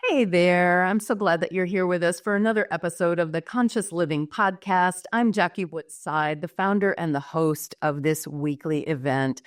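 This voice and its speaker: A woman's voice: lowish voice, normal speed, hardly any pauses, no room sound, clean studio sound, soft background music. A woman from the United States hosting a podcast interview, effusive and enthusiastic. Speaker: podcast host.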